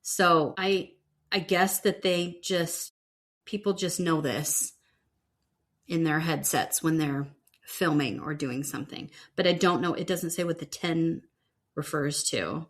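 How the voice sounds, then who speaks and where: A woman co-hosts a casual podcast with a slightly low-pitched voice. Her commentary is blunt and opinionated, and she speaks in plain conversation. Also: slow. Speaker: podcast co-host. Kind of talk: casual chat recapping a reality show.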